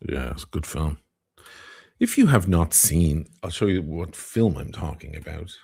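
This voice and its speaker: A man hosting a casual live stream, talking in a very low, gravelly voice and reading out viewer comments as he chats. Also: expressive, a little slow, warm tone. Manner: chatty, reads viewer comments aloud.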